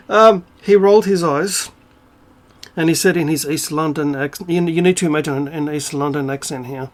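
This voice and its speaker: A man with a somewhat high voice rants to camera in a profane, sarcastic and indignant way. He keeps tossing out rhetorical questions and "um"s between jabs. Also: moderate pace, pauses often. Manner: rhetorical asides and frequent fillers. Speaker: video creator. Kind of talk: ranting monologue to camera.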